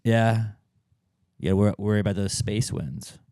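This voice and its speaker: A podcast co-host with a clear, resonant voice tells stories at a moderate pace during casual talk. He brings quotes to life with big jumps in pitch, recorded in studio quality with no echo.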